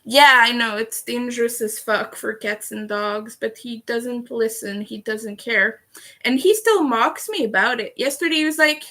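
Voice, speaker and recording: A woman's voice: fairly high pitch, unhurried, pushed and bright. A young woman chatting candidly on a livestream, heated at times and swearing freely. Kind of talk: casual livestream chat.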